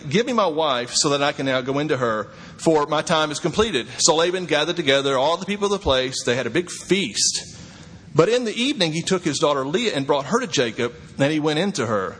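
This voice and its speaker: Animated pastor preaching in echoing hall. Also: male voice, husky. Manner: animated, swings between low asides and high exclamations. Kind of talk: sermon. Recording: long hall reverb, faint ambience.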